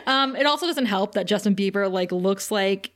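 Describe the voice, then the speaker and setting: A woman's voice: medium pitch, lively intonation, moderate pace, a bit bright. A woman from Canada co-hosting a podcast in casual chat, giggly and playful, often acting out scenes in voices. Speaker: podcast co-host.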